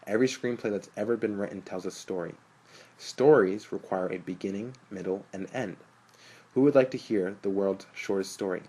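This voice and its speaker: A wry, confident film professor addresses his class, read by a man. The voice sits low and even, explanatory in an audiobook reading. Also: moderate pace, husky, rough recording. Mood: lecturing. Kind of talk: audiobook narration.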